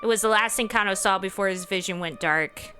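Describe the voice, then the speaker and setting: A woman hosting a let's play, reading a visual novel aloud with expressive, laugh-filled commentary. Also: medium pitch, a little fast, soft background music.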